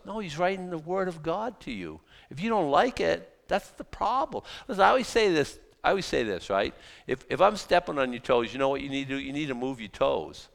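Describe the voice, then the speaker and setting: A man preaching a sermon as pastor, talking in an animated, conversational way with mocking asides. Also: a little high, a little fast, vocal fry, hardly any pauses, long reverb tail.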